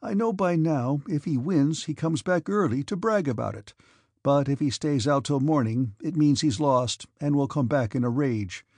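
A wry, knowing rogue of a servant, as a man puts him on. The voice sits a bit higher than the narration, gravelly and husky in a dry, close sound. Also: normal speed, a little mellow, no room sound. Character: roguish male orderly, knowing and wry.

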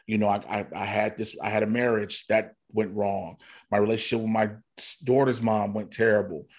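Guy with a husky voice, comedian on a podcast, telling his story real candid. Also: fairly low pitch, level tone, fairly quick. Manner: candid storytelling, quoting himself and others. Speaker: guest comedian. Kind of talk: casual podcast conversation.

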